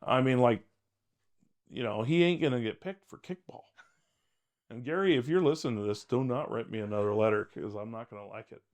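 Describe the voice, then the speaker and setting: An older retired detective telling case stories in an interview, blunt and wry, rambling with many fillers. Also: male voice, medium pitch, fairly quick. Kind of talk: storytelling interview.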